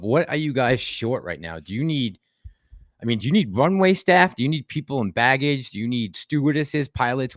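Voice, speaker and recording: A man's voice: mid-range voice, dry recording, studio quality. A man hosting a casual livestream, chatting with a co-host and reading viewer comments aloud in a rambling way. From Boston. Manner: chatty, rambling, laughs often.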